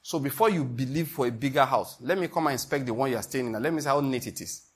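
A pastor preaching an emphatic sermon, often asking the congregation if they follow. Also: male voice, mid-range voice, fast, slightly rough.

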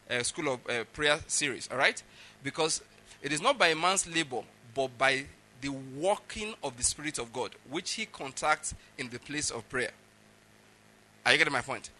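Bright-voiced pastor preaching. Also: male voice, fairly high pitch. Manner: emphatic, often checks that listeners follow. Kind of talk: sermon.

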